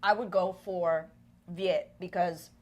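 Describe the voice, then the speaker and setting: A woman's voice: on the low side, slow pace. Chatty, giggly woman host. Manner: chatty, giggly, animated asides. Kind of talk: casual chat.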